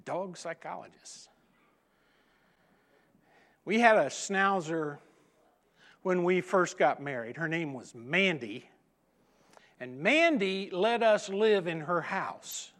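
A middle-aged man preaching a sermon, telling humorous stories with dramatic pauses and emphatic repetition. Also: sits high, lively intonation, fairly bright tone. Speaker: pastor.

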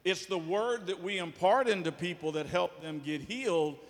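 A man's voice: high-pitched, moderate pace. A man preaching a sermon as pastor, folksy, with asides and jokes. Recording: long hall reverb.

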